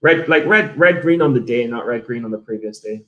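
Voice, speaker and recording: An English man chats casually on a livestream, going over his trades and answering viewers. His speech rambles, with frequent swearing and sentences he starts over. His voice sits at an ordinary middle pitch. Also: animated, fairly quick, lo-fi sound. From England. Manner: rambling, swears freely, restarts often. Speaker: day trader streamer. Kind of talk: casual livestream chat reviewing trades and reading viewer messages.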